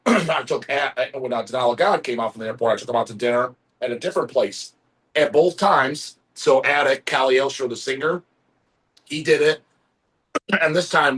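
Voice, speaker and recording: A man's voice: medium pitch, a bit bright, slightly rough. A man chatting casually on a podcast, telling rambling, profane stories and acting out what people said. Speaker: podcast co-host. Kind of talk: casual chat.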